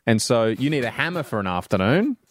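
A man, co-hosting a radio show with quick, wry quips. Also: medium pitch, very animated, no echo, clean studio sound. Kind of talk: casual banter.

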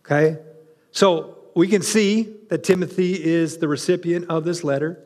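Preacher guy, pretty high voice, chatty sermon, echoey church hall. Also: moderate pace. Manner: animated, conversational, with restarts and asides to the congregation. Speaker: pastor.

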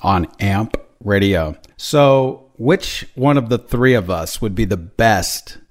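A man's voice: lowish voice, expressive, slow pace. A man co-hosting a radio show, trading teasing jokes with his co-hosts. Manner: teasing, joking. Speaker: radio host. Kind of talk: casual morning-show banter.

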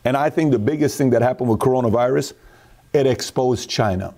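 A man's voice: medium pitch, fairly quick, warm tone. A man talking in an emphatic, opinionated way, telling stories with quotes. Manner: emphatic, storytelling with acted quotes. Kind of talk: opinionated casual talk.

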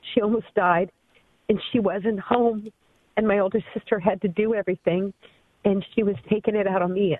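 A woman's voice: medium pitch, normal speed, dry recording. Earnest woman in her fifties on a phone line. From Southern California. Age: 50s. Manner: earnest, emotional storytelling. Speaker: caller. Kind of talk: call-in radio testimony.

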